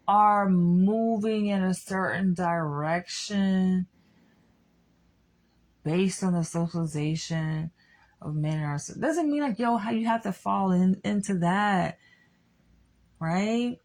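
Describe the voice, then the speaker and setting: A woman's voice: medium pitch, animated, slow pace, long pauses, a little mellow. A young adult woman giving a blunt, candid monologue to her audience, swearing freely as she states her opinions. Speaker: vlogger.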